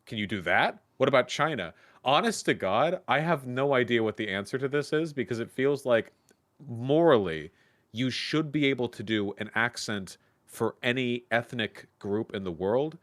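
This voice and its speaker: A man's voice: mid-range voice, fairly bright tone. A young man, a show guest, talking casually and rambling, often checking in with "okay?". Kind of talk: casual debate chat.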